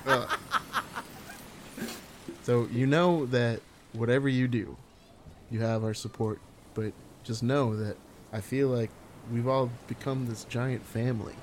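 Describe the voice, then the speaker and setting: A man's voice: medium pitch, measured pace, pauses often, a little hiss or hum. A man who is a player in a tabletop game, speaking in a wry, casual way with swearing. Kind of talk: casual banter.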